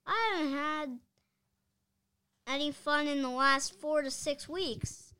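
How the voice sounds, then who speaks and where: A woman reading aloud as a playful young schoolboy, excitable. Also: high voice, takes it slowly, no room sound, voice pushed up, full character voice.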